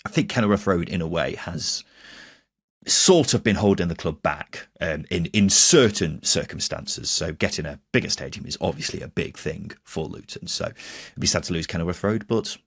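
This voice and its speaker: A man's voice: moderate pace, vocal fry, husky, no echo, clean studio sound. A young man co-hosting a casual football podcast, chatty and often laughing as he talks. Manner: chatty, laughs often, drifts up in pitch when joking. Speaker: podcast co-host.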